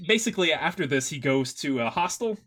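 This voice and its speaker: A man's voice: a little high, lively intonation, fairly quick, fairly bright tone. A man co-hosting a podcast, recapping a movie in a casual chat, laughing often and restarting his sentences. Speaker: podcast co-host.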